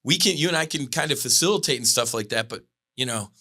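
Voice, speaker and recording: A man's voice: medium pitch, expressive, fast talker, bright, forceful tone. A man hosting a podcast, talking earnestly and casually, often saying "man". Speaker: podcast host. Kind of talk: casual conversation.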